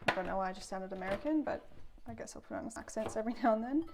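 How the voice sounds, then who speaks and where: A woman's voice: a little high, very fast, noisy background. A woman chatting casually through a cooking vlog in her kitchen, self-deprecating and laughing often. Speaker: food vlogger. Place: home kitchen.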